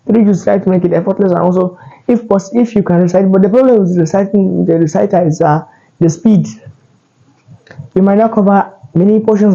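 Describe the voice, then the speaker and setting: A man's voice: sits high, dark tone, highs cut off. A man giving casual advice in a loose, rambling way, full of fillers and self-corrections. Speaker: Muslim self-improvement creator.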